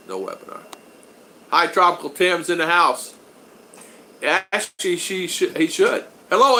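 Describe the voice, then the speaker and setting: A man's voice: mid-range voice, bright, forceful tone, a little hiss or hum, poor audio. Chatty rambling man on a home live stream. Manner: rambling, chatty, greets viewers by name. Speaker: vlogger hosting a live stream. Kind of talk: casual live-stream chat reading comments. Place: home in the Philippines.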